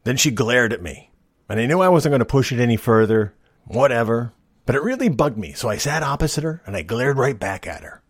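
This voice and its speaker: A middle-aged man telling a long joke story in a casual, wry, deadpan way, as host of a storytelling show. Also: medium pitch, brisk, breathy edge, no room sound, clean studio sound. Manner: wry, deadpan joking delivery.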